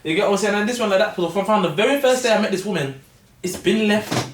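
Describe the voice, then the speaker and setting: A man's voice: high-pitched, fast talker, background noise. A man, telling a story in casual podcast chat full of slang. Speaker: podcast co-host. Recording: echoey room, far from mic.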